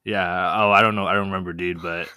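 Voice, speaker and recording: Young man, casual storyteller, lowish voice, bright tone, dry recording. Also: fast talker, clear, resonant tone, no echo. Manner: animated, many "like" fillers, laughs often. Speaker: podcast guest telling a story.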